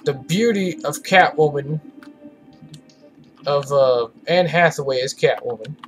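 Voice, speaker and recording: A man talks over his gameplay in an unhurried, drawn-out ramble, his voice sitting a little on the high side. He sounds tired and swears freely, opinionated as he goes. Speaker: let's play gamer. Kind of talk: casual gameplay commentary.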